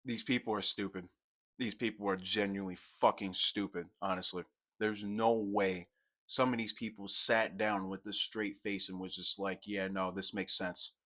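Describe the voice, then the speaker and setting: A young man giving a profane, exasperated commentary rant, swinging from low mutters to loud outbursts. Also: steady tone, moderate pace. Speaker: commentary YouTuber. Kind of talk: ranting commentary.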